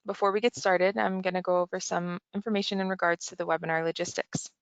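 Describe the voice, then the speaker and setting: Gravelly woman reading webinar logistics. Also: fairly low pitch, steady tone, fast talker, dry recording, highs cut off. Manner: reads from a script, businesslike. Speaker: event manager and moderator. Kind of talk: scripted webinar introduction.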